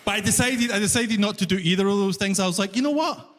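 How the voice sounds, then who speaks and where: A Glaswegian man doing stand-up with a fairly high voice, ranting and acting out both sides of an argument. His voice carries through a large hall with a long, lingering reverb. It is a live concert recording. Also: fairly even intonation, fast talker, fairly bright tone. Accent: Glaswegian Scottish. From Glasgow, Scotland. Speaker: stand-up comedian. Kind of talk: stand-up storytelling.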